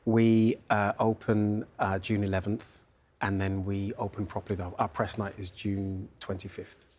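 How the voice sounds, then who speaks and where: A man, an actor, talking in a relaxed, chatty way with many fillers during an interview. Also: on the low side, normal speed. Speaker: actor guest. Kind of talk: interview chat.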